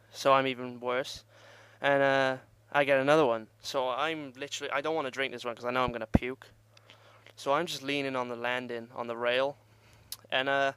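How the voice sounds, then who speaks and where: A man's voice: mid-range voice, a bit bright, clear, resonant tone, dry recording. A young man telling a rambling, profane party story in casual vlog style and laughing at himself. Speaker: vlogger.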